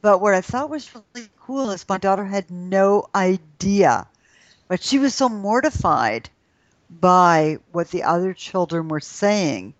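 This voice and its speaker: Animated storytelling woman, dull dry sound. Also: medium pitch, unhurried, dry recording. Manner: storytelling, animated quoting of her daughter. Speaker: co-host. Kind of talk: casual discussion. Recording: slightly dull dry audio.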